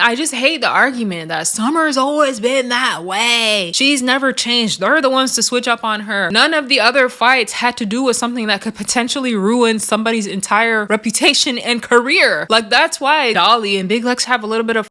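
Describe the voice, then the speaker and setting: A woman's voice: fairly high pitch, fairly quick, few pauses, sharp tone. A woman giving a casual, opinionated recap of a reality show, laughing often and swearing freely.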